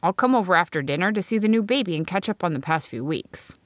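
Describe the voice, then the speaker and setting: A woman's voice: fairly low pitch, expressive, quick pace, no room sound, lightly acted. A woman voicing a teasing young woman friend in an audiobook.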